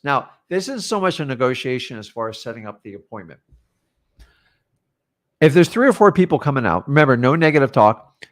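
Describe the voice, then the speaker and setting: A man's voice: medium pitch, big pitch swings, brisk, pauses often. A man coaching a class on real estate deals, talking in punchy, direct bursts and acting out sample lines with sellers. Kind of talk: live training talk.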